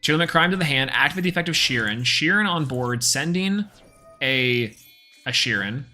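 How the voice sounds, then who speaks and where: Male streamer, bright tone, loose running commentary. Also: medium pitch, lively intonation, normal speed, faint music behind. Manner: casual, chatty play-by-play, thinking aloud. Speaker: game streamer. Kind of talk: live gameplay commentary.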